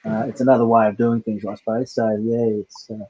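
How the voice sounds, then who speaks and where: A man's voice: mid-range voice, little pitch movement, brisk, mellow, lo-fi sound, a little hiss or hum. An Australian man speaking hesitantly with many uhs in a casual chat.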